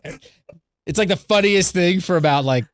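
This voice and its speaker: A young man hosting a casual chat show, joking and playful, with a lively voice. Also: high voice, no echo, clean studio sound. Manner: joking, playful, fast talking. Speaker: host.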